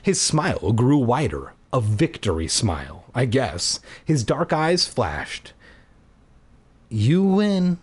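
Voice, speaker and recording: Man, comic horror read-aloud, deadpan snark, animated delivery. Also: medium pitch, takes it slowly, hardly any pauses, husky. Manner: sarcastic asides, deadpan jokes. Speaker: reader.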